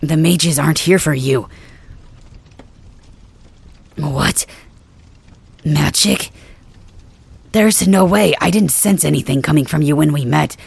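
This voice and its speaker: Someone playing Bakugou, a gravelly wounded dragon king. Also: mid-range voice, slow, long pauses, exaggerated voice. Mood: gruff. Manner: gruff, brusque, swears, hesitant fillers. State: in pain, wounded. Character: wounded, stubborn young male dragon king. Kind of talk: ASMR role-play.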